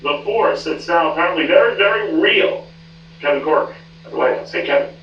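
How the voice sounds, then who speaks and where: A man anchoring a television news show, talking briskly and conversationally. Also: on the high side, animated, slight background noise. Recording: dull, roomy, distant rebroadcast.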